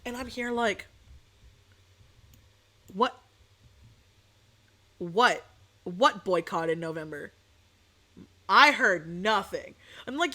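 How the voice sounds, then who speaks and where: A woman's voice: mid-range voice, animated, takes it slowly, long pauses, bright, forceful tone. A young woman streaming live, ranting casually to her chat, swearing and laughing between points. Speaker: VTuber streamer.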